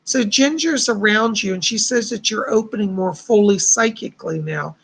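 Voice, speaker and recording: A man's voice: high-pitched, normal speed, creaky, fairly bright tone, husky. A man hosting a live stream of psychic readings, talking in a chatty, reassuring way with a somewhat strained voice. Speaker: psychic host.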